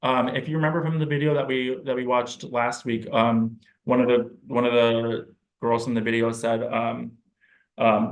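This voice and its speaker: Man, speech therapist presenting to parents, relaxed explanatory talk, average pitch, echoey room. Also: moderate pace. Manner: relaxed, explanatory, thinks aloud. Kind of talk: informal teaching presentation. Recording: roomy echo.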